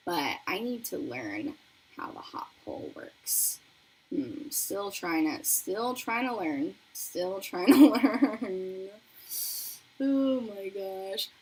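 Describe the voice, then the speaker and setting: A woman's voice: medium pitch, big pitch swings, takes it slowly, breathy edge, low-quality recording. A young woman chatting casually on a makeup livestream, bubbly and talkative as she reads viewer comments. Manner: chatty and bubbly, reading chat aloud. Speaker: beauty livestream host. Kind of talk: casual livestream chat while doing makeup.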